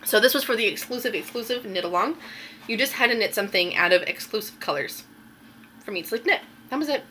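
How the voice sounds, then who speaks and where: A woman's voice: fairly high pitch, animated, a little fast, sharp tone, slight background noise. Chatty woman showing off her knitting. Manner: chatty, rambling, lots of ums. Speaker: knitting podcast host. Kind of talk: casual show-and-tell chat.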